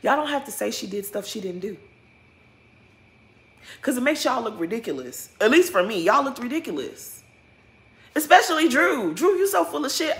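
A woman's voice: a little high, bright, forceful tone. A woman giving blunt, opinionated commentary in a casual reality-TV recap vlog, swearing freely and speaking straight to the people she's discussing. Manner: emphatic and repetitive, addresses cast directly.

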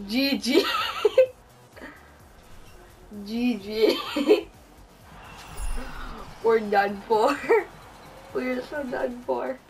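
A woman's voice: a little high, drawn-out words, long pauses, recorded from a distance, music in the background, rough recording. A young woman giving casual gameplay commentary, laughing often and swearing at her own plays. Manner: giggly, laughs often, swears while playing. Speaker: gaming channel host.

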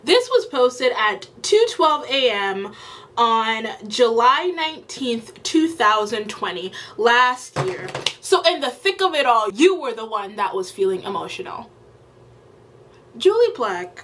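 A woman's voice: a little high, sing-song, slow pace, fairly bright tone, a little hiss or hum. A woman video creator delivering an exasperated, emphatic rant in a casual commentary vlog, often repeating herself for effect.

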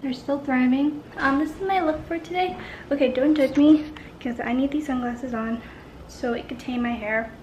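Young woman vlogger, high bright voice, chatty, noisy background. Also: normal speed. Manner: chatty, upbeat, filler-heavy. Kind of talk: casual vlog chat.

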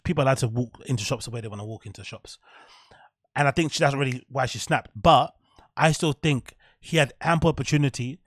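A man's voice: medium pitch, dry recording, clean studio sound. Blunt, profane male podcast host. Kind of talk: casual commentary on a clip.

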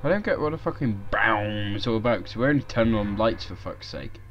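A man's voice: fairly low pitch, expressive, fairly quick, highs cut off, a little hiss or hum. A man doing casual, jokey let's-play commentary with plenty of swearing. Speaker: gaming YouTuber.

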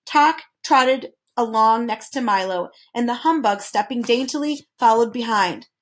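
Woman narrator, calm expressive read-aloud, slightly high. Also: unhurried. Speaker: reader. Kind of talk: reading a children's novel aloud.

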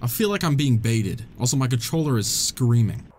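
Lively joking young man gaming. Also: mid-range voice, moderate pace, slight background noise. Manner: joking, talks back to the game characters. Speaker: gaming channel host. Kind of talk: casual let's-play commentary.

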